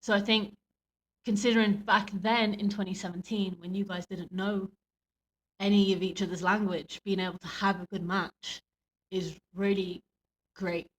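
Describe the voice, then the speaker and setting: A woman co-hosting a podcast chats casually, telling stories with animation and acting out what people said. Her medium-pitched voice has a flat delivery and moderate pace. The audio from her podcast microphone is poor.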